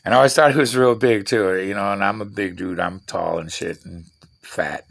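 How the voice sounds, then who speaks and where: A gravelly, low-voiced middle-aged man with a drawl, talking in a loose, rambling vlog monologue. He swears freely and tells things bluntly while he tinkers with tools. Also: moderate pace. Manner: profane, blunt storyteller; talks while working with tools. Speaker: vlogger.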